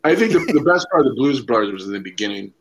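A laid-back man co-hosts a casual podcast. His pitch rises and falls a lot as he talks, and he drops in wry asides. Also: very animated, fast, low-quality recording. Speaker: podcast co-host. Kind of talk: casual chat.

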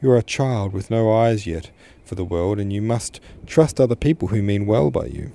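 Guy doing a patient tender dad, low dark reassuring voice. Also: lively intonation, normal speed, creaky. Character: tender, reassuring father, a merchant consul.

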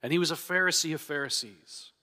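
Guy preaching a sermon, bright ringing voice, big echoey church hall. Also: on the high side, fast talker. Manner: earnest, emphatic, acts out quoted objections. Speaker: pastor. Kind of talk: expository sermon. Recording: long reverb of a church hall.

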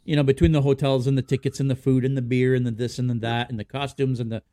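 A Canadian man co-hosting a podcast in casual chat, rambling quickly through lists. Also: medium pitch, level tone, warm tone, dry recording, studio quality. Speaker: podcast co-host.

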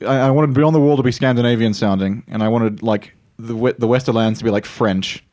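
A man's voice: mid-range voice, a little fast, a little mellow. A young man co-hosting a podcast in casual chat, rambling, with frequent restarts and asides. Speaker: podcast co-host.

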